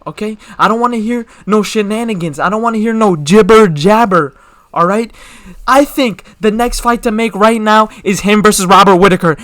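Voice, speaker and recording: A man's voice: high-pitched, fairly bright tone, no room sound. A young man hosting his own channel, giving casual, slangy opinion commentary full of rhetorical questions. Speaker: MMA commentary channel host.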